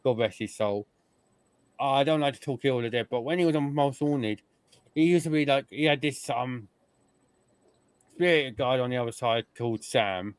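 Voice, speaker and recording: A man's voice: medium pitch, moderate pace, long pauses, smooth, no room sound. A man hosting a casual podcast chat, telling stories and mimicking the people he describes. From United Kingdom. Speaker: podcast host.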